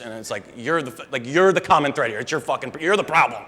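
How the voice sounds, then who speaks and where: Rambling stand-up comic in a reverberant room. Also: male voice, mid-range voice, animated, fast, few pauses, pushed and bright. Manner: rambling, conversational, swears often. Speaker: stand-up comedian. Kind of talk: live stand-up set. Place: live comedy venue with audience. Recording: live room reverb, faint background noise.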